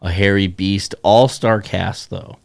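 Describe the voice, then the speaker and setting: Male podcast co-host, low register, dry teasing banter, dead-dry sound. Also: fairly even intonation, takes it slowly, gravelly, no room sound. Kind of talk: casual chat. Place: Bismarck, North Dakota.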